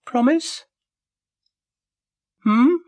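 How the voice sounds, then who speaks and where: A man's voice: very high-pitched, drawn-out words, a little mellow, no room sound, studio quality, voice pushed up, heavily acted. A man voicing a grumpy, self-pitying male dog in a storybook recording, with a whiny, wheedling way of talking. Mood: sulky.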